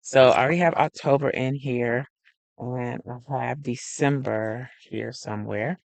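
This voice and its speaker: A woman chats her way through a live craft stream, speaking slowly and unhurriedly. She greets viewers by name and thinks aloud as she works. The sound is dry and close, with no room echo. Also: very deep voice, creaky, darkish tone. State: a little out of breath. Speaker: planner vlogger hosting a live stream. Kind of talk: casual live-stream chat.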